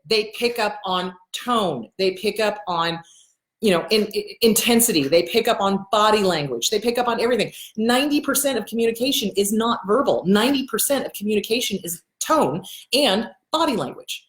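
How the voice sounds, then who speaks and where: A woman's voice: medium pitch, expressive, a little fast. A woman hosting a casual advice monologue as a therapist, talking bluntly and emphatically, swearing and repeating words for stress. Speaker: host and therapist. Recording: echoey room.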